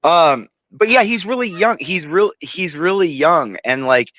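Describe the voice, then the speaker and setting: A slightly drunk man talking bluntly and rambling in casual podcast chat, with drawn-out repetitions. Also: on the high side, lively intonation, fairly bright tone, no room sound. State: tipsy.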